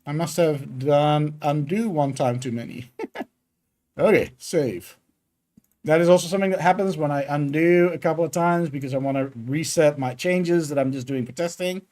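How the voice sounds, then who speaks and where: A man's voice: a little high, moderate pace, darkish tone. A man streaming his game development work, chatting casually and thinking aloud with many fillers. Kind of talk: casual live coding stream.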